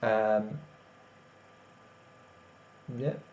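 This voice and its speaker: A man's voice: fairly low pitch, fairly even intonation, very slow. A tired man, rambling casually as he chats with viewers on a live stream. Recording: echoey room, dull lo-fi sound, faint noise.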